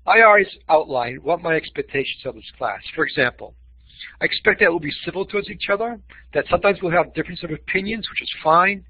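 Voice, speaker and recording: A man leads a teaching webinar, his voice a little husky and set a touch high for a man. He leans on emphasis and contrast as he speaks. The sound is dry and dull, like lo-fi webinar audio. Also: no room sound. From Boston. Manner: expressive, uses voice for emphasis. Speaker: webinar presenter.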